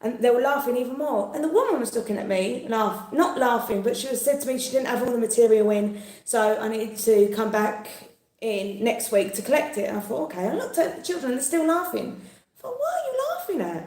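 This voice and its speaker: A woman's voice: on the high side, fairly quick, roomy sound. A woman in her thirties chatting casually and acting out quotes as she tells stories. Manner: animated storyteller acting out quotes. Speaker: host. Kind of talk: casual chat.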